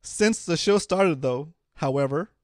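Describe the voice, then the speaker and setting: A man in his thirties hosting a casual livestream, animated and forever asking "right?". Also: on the high side, unhurried, no room sound, studio quality. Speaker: host.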